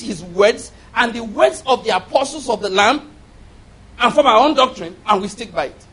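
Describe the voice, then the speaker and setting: A man with a notably high voice delivers a sermon. He drives his points home with repeated phrases and call-and-response questions like "It is by what?", pressing the listeners hard. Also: lively intonation, normal speed, fairly bright tone, breathy edge. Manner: repeats key phrases for emphasis. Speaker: preacher.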